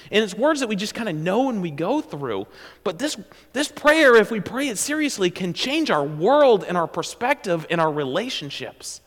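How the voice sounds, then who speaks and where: A pastor preaching a sermon in a lively, conversational way, with casual asides and quick self-corrections. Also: male voice, high voice, long reverb tail. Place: church sanctuary.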